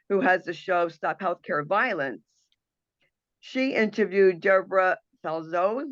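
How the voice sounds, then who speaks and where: Woman radio host, fervent and emotional, bright forceful tone, dry muffled call audio. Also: fairly low pitch, dry recording. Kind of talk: impassioned monologue. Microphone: video call.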